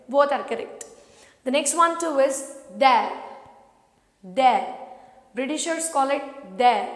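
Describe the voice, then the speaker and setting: A woman teaching pronunciation, patiently repeating each word for learners to echo. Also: high voice. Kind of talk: slow, drilled pronunciation lesson. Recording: echoey room with long reverb.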